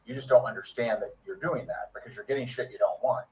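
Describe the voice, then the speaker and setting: A man's voice: mid-range voice, quick pace, dark tone. A man delivers a motivational training in a preachy coaching manner. His voice sits in a middle range and sounds like it was picked up from somewhere across the room, a bit distant from the mic. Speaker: network marketing coach. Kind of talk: recorded training talk.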